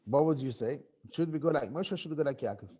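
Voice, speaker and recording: A man's voice: on the high side, lively intonation, fast, mellow, husky, dull audio. Chuckling, questioning male Gemara teacher. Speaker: Torah teacher. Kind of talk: online Gemara class.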